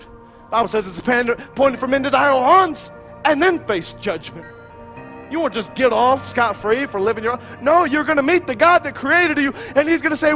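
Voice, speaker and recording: Male evangelist, high-pitched, fervent delivery that rises to shouts, soft music bed. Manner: impassioned, swings from hushed to shouting. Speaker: preacher. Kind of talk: evangelistic sermon.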